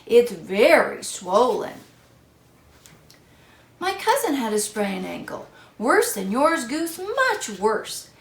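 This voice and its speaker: A woman's voice: fairly high pitch, sing-song, slow pace, reverberant, heavily acted. A woman reading aloud and voicing a kindly male groundhog who fusses over his neighbors' ailments and gives earnest advice. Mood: concerned, advising. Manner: earnest, fussing, helpful.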